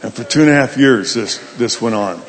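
A male pastor telling a folksy, animated story in a sermon. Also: mid-range voice, brisk, long reverb tail. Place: large hall at a summit.

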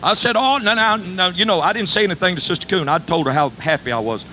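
Folksy older preacher telling a story. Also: male voice, high-pitched, fast, a little hiss or hum, low-quality recording. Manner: folksy, animated storytelling with dialect. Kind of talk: storytelling sermon.

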